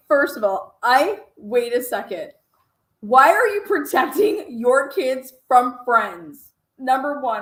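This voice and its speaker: A woman's voice: high voice, echoey room. A woman hosting a true crime show, reacting to a clip with profane, incredulous commentary and bursts of laughter. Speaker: true crime podcast host.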